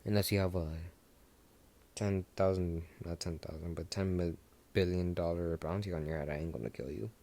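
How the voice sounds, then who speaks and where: A man's voice: sits low, steady tone, normal speed, gravelly, mellow. A man doing a laid-back assassin. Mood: dismissive.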